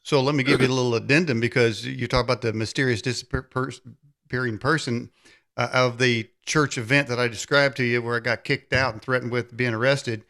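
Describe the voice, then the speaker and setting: A man hosting an interview show, telling a story quickly and correcting himself as he goes. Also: medium pitch, fairly even intonation, a bit bright. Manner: quick narration with restarts and self-corrections. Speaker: show host. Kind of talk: casual interview chat.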